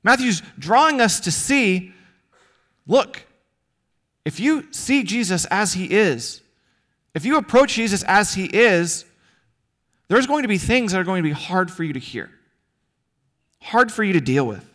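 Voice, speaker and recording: A male pastor delivering a sermon in a fairly high, very animated voice that rises and falls widely. He preaches earnestly, leaning on rhetorical questions and pauses. His delivery swings between quiet emphasis and bright emphatic peaks.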